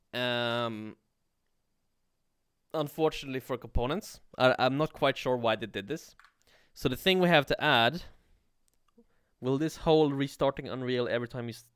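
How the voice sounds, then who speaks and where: A man teaching coding on a livestream in a relaxed way, thinking aloud and swearing casually. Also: mid-range voice, smooth, dry recording, clean studio sound. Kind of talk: casual live coding tutorial.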